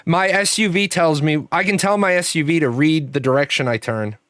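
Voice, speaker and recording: A man's voice: fairly high pitch, brisk, a bit bright, clean tone, no room sound. Profane rambling man, dry close sound. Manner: profane, rambling storyteller with frequent restarts. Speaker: host. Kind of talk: casual livestream chat.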